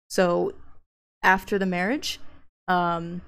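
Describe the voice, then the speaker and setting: Young woman, gravelly vocal fry, casual academic presentation, reads passages aloud, hesitant fillers, blunt. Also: medium pitch, steady tone, unhurried. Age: young adult. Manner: hesitant, many ums and uhs, blunt and profane when worked up. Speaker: graduate student presenter.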